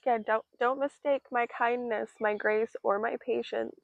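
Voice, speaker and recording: A woman's voice: on the high side, steady tone, normal speed, gravelly, dry recording, lo-fi sound. Chatty woman giving a tarot reading. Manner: chatty and playful, with lots of fillers and giggles. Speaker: tarot reader. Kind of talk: casual tarot reading monologue.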